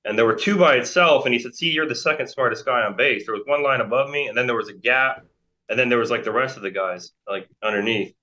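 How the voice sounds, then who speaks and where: A man's voice: mid-range voice, quick pace, pushed and bright. An American man in his forties telling a long story as a guest, rambling with many fillers and restarts. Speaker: interview guest. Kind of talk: casual storytelling. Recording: dull lo-fi sound.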